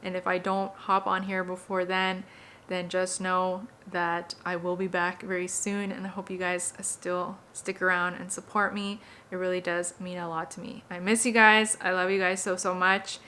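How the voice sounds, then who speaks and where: A woman's voice: lowish voice, level tone, moderate pace, pushed and bright, slight background noise. A young adult woman giving a candid, emotional personal update to her viewers. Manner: emotional and candid, close to tears. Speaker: beauty vlogger. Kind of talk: personal update vlog, talking to camera.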